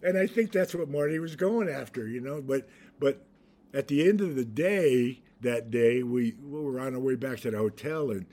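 A man's voice: medium pitch, moderate pace. An older man, an actor being interviewed, telling stories with lots of restarts and laughter, acting out the voices he quotes. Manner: animated storyteller, acts out quotes, laughs often, many restarts. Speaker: actor guest. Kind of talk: anecdotal interview storytelling.

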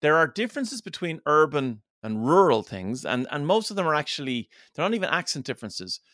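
A man's voice: fairly high pitch, big pitch swings, a little fast, bright, forceful tone, no room sound, studio quality. Chatty rambling man on a podcast. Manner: rambling, chatty storytelling with playful mock voices. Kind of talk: casual podcast chat.

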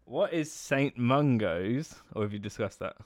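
A man's voice: medium pitch, lively intonation, measured pace. A man hosting a podcast, asking curious, teasing follow-up questions in casual chat. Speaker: podcast host.

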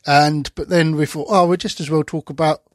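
A podcast host with a slightly high voice and fairly even intonation speaks fairly quickly in a casual chat. He rambles, using fillers and restarting sentences, and the recording is clean studio sound with no echo.

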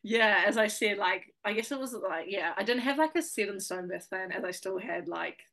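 A woman's voice: mid-range voice, expressive, normal speed, fairly bright tone. A young woman with a New Zealand accent, a guest chatting casually in an interview, full of fillers and laughs.

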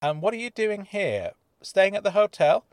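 Man playing a mysterious woman, calm, guarded, measured, lively pitch, dry close sound, audiobook. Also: no room sound. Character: mysterious woman claiming alien origin. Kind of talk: audiobook character voice.

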